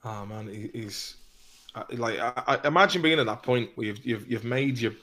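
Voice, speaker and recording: A man's voice: mid-range voice, normal speed, pushed and bright. A man in casual podcast chat, rambling and swearing, often trailing off into mumbles.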